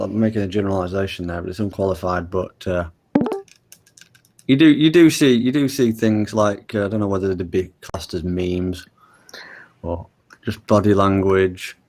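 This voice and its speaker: A man from the UK with a lowish voice, talking in loose casual chat. He stumbles and repeats words as he starts his points, and drops in casual swearing. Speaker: conversation partner.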